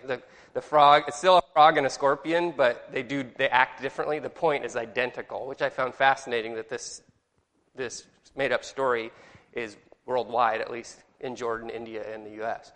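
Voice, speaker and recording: A man's voice: medium pitch, fairly even intonation, a little fast, a bit bright. A man teaching a Sunday school class, chatty and joking, asking the group questions. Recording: long reverb in a hall.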